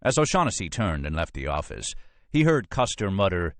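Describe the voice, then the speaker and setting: A man narrating an audiobook in a measured storytelling manner. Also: low voice, very animated, no echo. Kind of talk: scripted narration.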